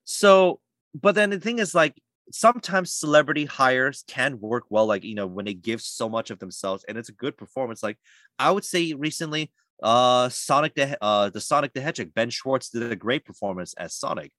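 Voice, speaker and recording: A man who works as a voice actor, talking in a casual podcast interview, animated and chatty with lots of fillers. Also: mid-range voice, normal speed, no room sound. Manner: animated, lively storytelling with many fillers. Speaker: voice actor guest.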